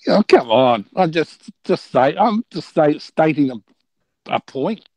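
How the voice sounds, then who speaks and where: A man's voice: fairly high pitch, animated, unhurried, a little mellow. A man with an Australian accent chatting on a call, teasing and sarcastic. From Australia or New Zealand. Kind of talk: casual chat.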